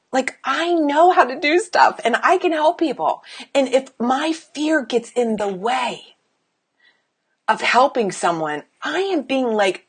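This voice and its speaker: A woman coach delivers a blunt motivational talk, swearing freely and pushing the listener with rhetorical questions. Her voice sits a little high and swings widely in pitch, animated and emphatic throughout. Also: breathy edge. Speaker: business coach. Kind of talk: motivational direct-to-camera talk.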